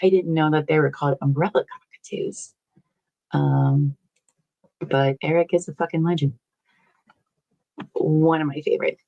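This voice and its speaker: A woman's voice: low-pitched, gravelly, darkish tone, slightly rough, low-quality recording. A woman hosting a casual livestream, rambling and chatty as she reads viewer comments aloud, laughing often and swearing casually. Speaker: livestream host.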